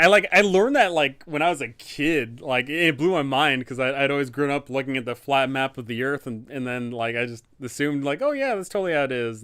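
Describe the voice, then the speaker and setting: A man's voice: mid-range voice, sharp tone, smooth, no room sound, studio quality. A man, a dungeon master hosting a live Q&A stream, chatting casually and rambling. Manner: rambling, lots of fillers and restarts.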